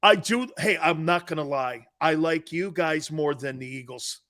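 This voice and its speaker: A man's voice: fairly high pitch, normal speed. A man in his fifties hosting a casual sports live stream, bantering and reading viewer chat aloud. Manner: animated, bantering, often laughing. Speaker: sports show host.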